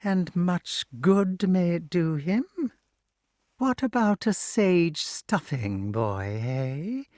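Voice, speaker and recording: A man's voice: sits high, very animated, drawn-out words, darkish tone, dry recording, studio quality, pitched above the performer's own voice, exaggerated voice. A man voicing a cruel, greedy old witch in an audiobook, drawing out her words with relish in a sing-song way. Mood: gloating. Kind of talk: audiobook character voice.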